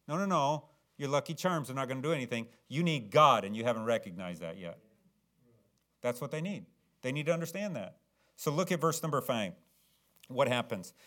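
A man preaching a sermon, swinging from low, earnest tones to loud, dramatic, acted-out shouts. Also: very animated, a little fast, long pauses.

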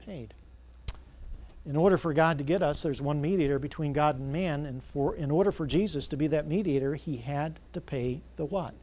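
A male pastor preaching a Sunday sermon, asking the congregation to fill in words and building to loud, emphatic passages. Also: on the high side, normal speed. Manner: call-and-response questions, rising to loud emphatic preaching. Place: church sanctuary. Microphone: church sound system mic.

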